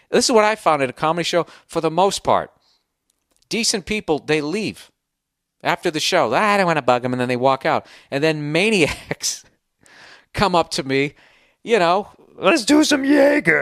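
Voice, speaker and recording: A man's voice: fairly high pitch, a bit bright, no room sound, clean studio sound. A middle-aged man with a Boston accent hosting a podcast, delivering a sarcastic, profane, heated rant. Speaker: podcast host. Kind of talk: ranting monologue.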